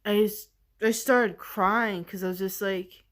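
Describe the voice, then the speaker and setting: A woman vlogger recounting a personal experience in a halting, searching way, earnest and emotional, leaning heavily on "like". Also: medium pitch, fairly even intonation. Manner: halting and searching, heavy use of "like". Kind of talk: personal storytelling.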